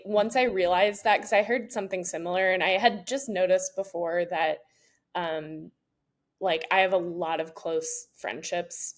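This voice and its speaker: A woman co-hosting a podcast, chatty and anecdotal, with frequent "like" fillers. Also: on the low side. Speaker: podcast co-host. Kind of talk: casual podcast chat.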